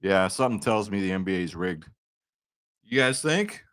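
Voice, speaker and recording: A man in his forties talks straight to camera in a rambling, jokey way, getting excited as he goes. His voice sits fairly low. The sound is dry and close, with no room around it. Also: moderate pace, no echo. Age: 40s. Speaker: sports betting vlogger. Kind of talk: casual chat to camera.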